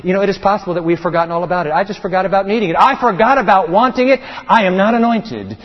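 Middle-aged preacher in a reverberant hall. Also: male voice, sits high, animated, fast talker, few pauses. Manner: impassioned preaching, with frequent word repeats and restarts. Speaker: pastor. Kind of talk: sermon. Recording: reverberant, dull lo-fi sound.

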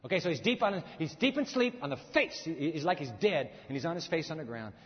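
A man preaching a sermon, dramatic, acting out the scripture characters in lively bursts. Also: a little high, quick pace. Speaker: pastor. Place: church sanctuary. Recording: muffled hall recording with long reverb.

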